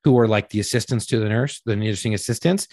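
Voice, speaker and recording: Profane husky man telling a story. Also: lowish voice, quick pace, no room sound. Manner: profane, animated, acts out quoted voices. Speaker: podcast co-host telling a story. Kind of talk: casual storytelling chat.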